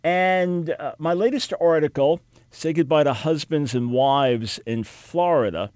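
A man's voice: on the high side, unhurried, a little mellow, dry recording. Male radio host, New York origin, earnest and emphatic, dry studio sound. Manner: earnest, emphatic, with repeated restarts. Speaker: radio talk show host. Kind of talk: radio talk show monologue.

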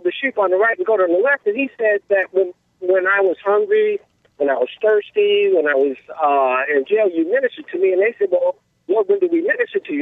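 A man from North Carolina calling in to a radio show, speaking haltingly with many fillers over a phone line. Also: sits high, no room sound. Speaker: caller. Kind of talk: phone-in call.

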